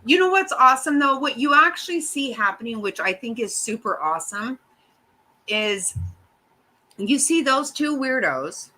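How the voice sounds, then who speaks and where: A woman's voice: high-pitched, big pitch swings, moderate pace, sharp tone, poor audio. A middle-aged woman hosting a casual chat, ranting bluntly and swearing often. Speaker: host.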